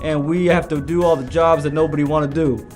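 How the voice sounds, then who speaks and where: Stammering high-voiced man in improv. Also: steady tone, a little mellow, soft background music. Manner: halting, stammering character bit. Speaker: comedy show guest. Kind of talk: improv comedy scene.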